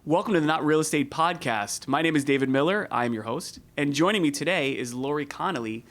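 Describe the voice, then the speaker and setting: A man's voice: on the high side, fast talker, fairly bright tone. A middle-aged man hosting a podcast, chatting casually and trading jokes with his guest. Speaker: podcast host. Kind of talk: casual interview chat.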